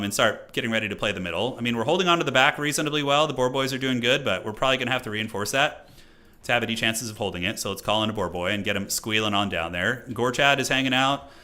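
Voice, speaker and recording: A man with a bright, forceful voice at an ordinary middle pitch, casually narrating his own strategy match for stream viewers. He thinks out loud, hedges with fillers and picks apart his own mistakes. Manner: casual, self-critical, thinks aloud with many fillers. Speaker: streamer playing a competitive strategy tournament. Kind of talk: live game commentary to viewers.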